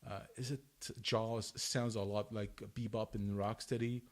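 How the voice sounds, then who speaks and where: A man's voice: lowish voice, level tone. A man co-hosting a podcast, talking casually with frequent restarts. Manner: halting, many restarts, laughs easily. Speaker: podcast co-host. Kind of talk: casual chat.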